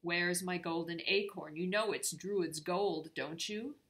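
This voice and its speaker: A woman's voice: on the low side, normal speed, pushed and bright. A woman voicing a stern, commanding woman guardian who speaks firmly in a raised voice. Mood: demanding.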